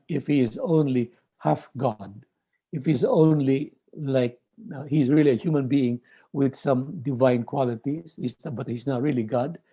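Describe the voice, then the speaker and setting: A man lecturing on theology in a measured way, often repeating words and restarting phrases. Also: mid-range voice, warm tone, husky.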